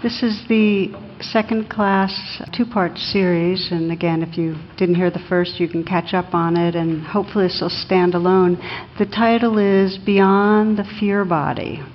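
Woman meditation teacher, lowish voice, thoughtful with light humor, long hall reverb. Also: fairly even intonation, unhurried, muffled recording, a little hiss or hum. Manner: reflective, with light humor and small hesitations. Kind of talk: meditation class talk.

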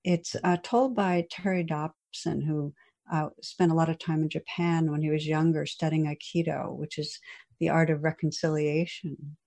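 A woman meditation teacher giving a dharma talk, telling a story in a gentle, reflective way with soft pauses. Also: low voice, flat delivery, creaky.

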